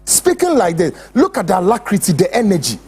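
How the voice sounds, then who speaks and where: A man's voice: high-pitched, wildly swooping pitch, brisk, darkish tone, slightly rough, soft background music. A man with a Ghanaian accent hosting a show, ranting in heated, insulting commentary. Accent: Ghanaian English. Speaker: host.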